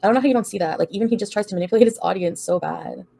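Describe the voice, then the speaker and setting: A woman's voice: mid-range voice, very fast, creaky, mellow. A woman hosting a casual livestream, reading out and answering viewer comments in a blunt, profane, defiant way, laughing often. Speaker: livestream host answering chat.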